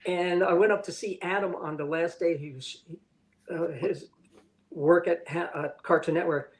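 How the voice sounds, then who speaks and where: An older man, an animation director, tells candid stories in an interview, his fairly high voice steady in tone at a moderate pace. The recording is rough with a little hiss or hum, and he's blunt and profane, acting out what other people said.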